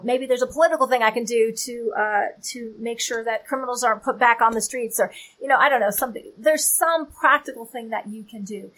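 A woman's voice: on the high side, fairly bright tone, poor audio. A woman giving a conversational, faith-based teaching. She is earnest and candid, often checking in with her listeners. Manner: earnest and candid, checks in with "okay?" and "you know". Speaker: Christian author and teacher.

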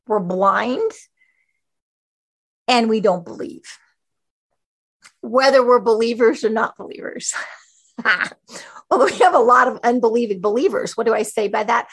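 A woman teaching scripture in a loose, conversational way, full of asides and fillers. Her voice sits fairly high for a woman. She moves from quick remarks to slower, stressed points. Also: fairly bright tone, breathy edge. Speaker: Bible teacher. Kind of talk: teaching talk on a podcast.

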